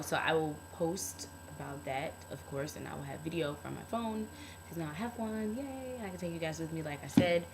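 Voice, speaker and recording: Woman, young adult, deep low voice, heartfelt, rambling, casual vlog, faint hum behind. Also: vocal fry, a bit bright, low-quality recording. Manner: earnest and heartfelt, rambling with many fillers. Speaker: vlogger.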